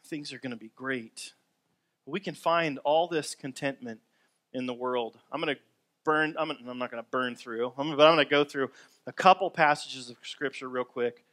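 A man's voice: medium pitch, moderate pace, fairly bright tone. A man preaching a sermon in a conversational, upbeat way, acting out everyday complaints to make his point. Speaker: pastor.

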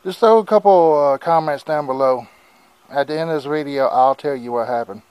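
A man's voice: fairly high pitch, a little fast, a little mellow, smooth, dry recording, poor audio. A man talking casually to viewers on a phone camera outdoors in his yard, folksy and rambling, a bit out of breath. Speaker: vlogger. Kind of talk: casual vlog narration.

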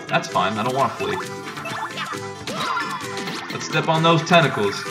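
A man's voice: mid-range voice, animated, a little slow, pauses often. A man casually commenting as he plays a video game, offhand and joking. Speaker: let's player. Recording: distant mic with loud game music.

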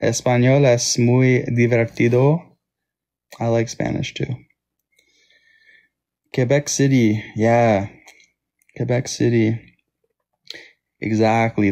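Gravelly Toronto-accented man chatting live. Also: mid-range voice, darkish tone. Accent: Toronto Canadian. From Canada. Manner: chatty, thanks viewers by name, mixes English with French. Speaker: livestream host. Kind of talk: casual live-stream chat.

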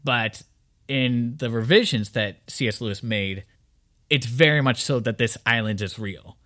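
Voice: medium pitch, unhurried, a bit bright. Thoughtful podcast co-host. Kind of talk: casual book discussion.

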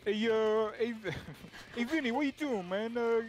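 A man playing a brash tough guy in a put-on Brooklyn accent, loud and swaggering. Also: very high voice, unhurried, highs cut off, noisy background, voice pushed up.

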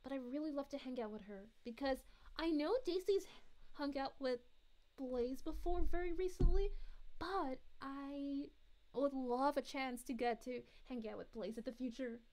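A woman voicing a gentle, motherly cosmic princess, chatting sweetly and giggling as she reads chat messages on a live stream. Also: high-pitched, moderate pace, close to an everyday voice. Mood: cheerful. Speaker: VTuber streamer.

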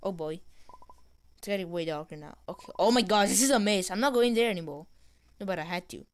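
An excitable woman narrates a game as she plays, reading the dialogue aloud. Her voice is smooth and clear, at a middle pitch. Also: brisk. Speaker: gamer. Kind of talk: gameplay commentary.

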